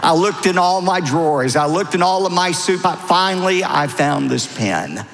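Animated male pastor preaching in a reverberant hall. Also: high voice, moderate pace, vocal fry. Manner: animated, acts out voices in quotes. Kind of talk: sermon.

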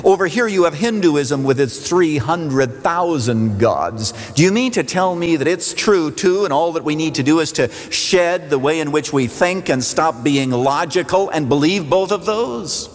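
A man's voice: a little high, lively intonation, a little slow, few pauses. A man preaching a sermon as a pastor, speaking emphatically and asking rhetorical questions in a church sanctuary. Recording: long hall reverb.

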